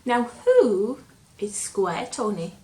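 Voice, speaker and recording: A woman reading a picture book aloud to a child, slowly and gently, stopping to ask him questions. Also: mid-range voice, wildly swooping pitch. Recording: roomy echo, faint hum.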